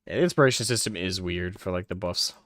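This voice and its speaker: A man's voice: low-pitched, fast, very noisy. A man giving casual, rambling commentary while livestreaming a game, full of fillers and the odd curse. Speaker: game streamer.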